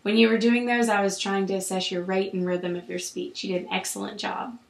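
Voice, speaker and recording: A woman clinician calmly guiding a patient through an oral exam, with steady, encouraging instructions. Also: mid-range voice, fairly quick, gravelly. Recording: roomy echo.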